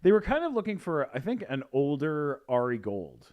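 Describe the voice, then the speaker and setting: A man's voice: on the high side, huge pitch swings, normal speed, a little mellow. A man telling a story in casual chat, rambling with many fillers and restarts. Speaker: guest.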